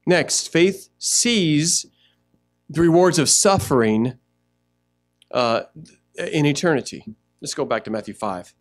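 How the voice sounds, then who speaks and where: A man pastor preaching a sermon in a church, animated, acting out little scenes as he goes. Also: on the high side, slow pace, pauses often, faint music behind. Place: church sanctuary.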